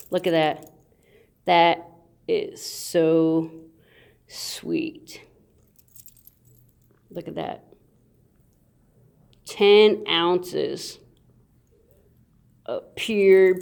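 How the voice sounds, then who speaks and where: A woman hosting a casual unboxing video, playful and goofy, with sound effects and drawn-out, excited remarks. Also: fairly low pitch. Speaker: coin channel host.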